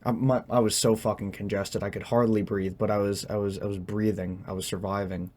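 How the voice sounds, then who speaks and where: A young man speaking in a personal confessional monologue, halting and hesitant as he searches for words, tense as he talks. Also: lowish voice, little pitch movement, darkish tone. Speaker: vlogger.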